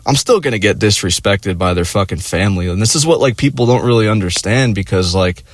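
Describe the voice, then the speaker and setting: A young man rants in a rambling, profane way, stacking fillers as he talks. His voice sits fairly low, and the recording is dry and close. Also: brisk, no echo. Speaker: vlogger. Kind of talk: casual rant.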